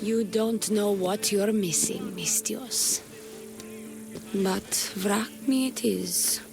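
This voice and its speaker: Sultry flirty priestess, slow teasing talk, game music behind. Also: female voice, medium pitch. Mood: flirtatious. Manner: sultry, teasing, slips into breathy whispers. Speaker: game character. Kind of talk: video game voice acting.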